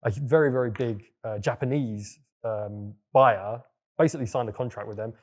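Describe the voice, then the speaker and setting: A young English man, a guest entrepreneur at a villa in Bali, tells his story casually and loosely in a mid-range voice at a moderate pace, with plenty of fillers and the odd swear word.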